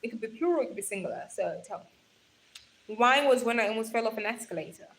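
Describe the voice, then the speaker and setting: A woman's voice: a little high, lively intonation, quick pace, a bit bright, slight background noise. A young woman chatting casually on a live stream, reading viewer comments aloud and laughing often.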